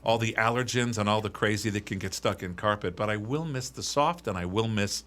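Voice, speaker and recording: Middle-aged male podcast co-host, low bright voice, animated storyteller, casual chat. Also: brisk. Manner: animated storyteller, laughs while talking.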